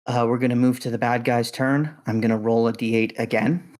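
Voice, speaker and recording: A man narrating as game master of a tabletop horror game, calm and matter-of-fact with frequent fillers. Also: mid-range voice, fairly quick, low-quality recording.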